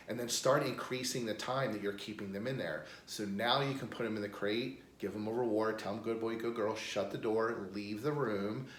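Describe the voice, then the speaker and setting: An American man working as a dog trainer, plainly explaining crate training step by step and breaking into upbeat praise. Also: fairly low pitch. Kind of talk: instructional demonstration. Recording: echoey room with faint noise.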